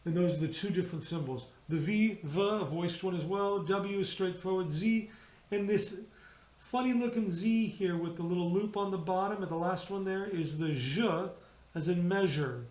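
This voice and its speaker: A high-pitched man teaches a choir how to shape their sounds, stopping again and again to demonstrate a vowel or consonant aloud. His voice rings out in a roomy, echoey space. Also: moderate pace, a little mellow. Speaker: choir director. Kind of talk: rehearsal teaching on singing diction. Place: indoors, remote rehearsal video.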